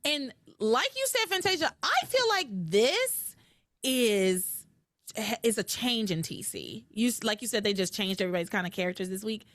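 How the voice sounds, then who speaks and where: A woman hosting a podcast, casually recapping a soap opera and acting out its dialogue in lively voices. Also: medium pitch, normal speed, no room sound. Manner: animated storytelling, acts out dialogue with voices.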